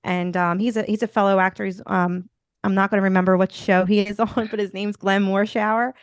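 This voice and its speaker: A woman's voice: medium pitch, level tone, a little fast, smooth, no echo, studio quality. A woman from Philadelphia with a Philadelphia accent, a podcast guest and motivational speaker chatting in an upbeat, rambling way, with many fillers. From Philadelphia, USA. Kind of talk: casual interview chat.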